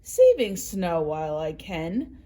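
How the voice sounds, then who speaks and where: A woman's voice: on the low side, wildly swooping pitch, slow, warm tone, full character voice. A woman doing a grumbling cranky bunny. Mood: grumpy. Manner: grumbling, sulky. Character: grumpy sleepy rabbit, complaining.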